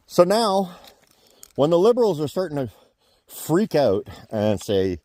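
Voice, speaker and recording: Man, blunt ranting vlogger, mellow voice, swings up and down in pitch. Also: very animated, takes it slowly, pauses often, no room sound. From Canada. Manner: blunt, heated, swears freely. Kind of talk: political rant to camera.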